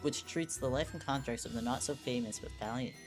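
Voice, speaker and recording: A woman's voice: very deep voice, fairly quick, over music. A woman streamer giving casual, musing commentary while playing a game. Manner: musing, chatty, reads game text aloud.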